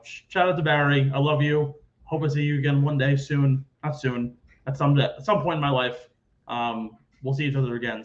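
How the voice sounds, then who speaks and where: A man's voice: a little high, a bit bright, dull audio. A young man hosting a casual sports podcast, telling stories in a chatty way and swearing freely. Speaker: podcast host.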